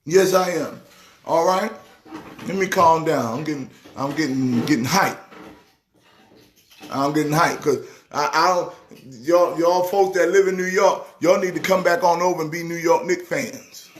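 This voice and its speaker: A man who is a pastor, talking sports casually in an excitable way, repeating words with a preacher's rhythm. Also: a little high, unhurried, reverberant, slight background noise. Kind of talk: casual sports talk show.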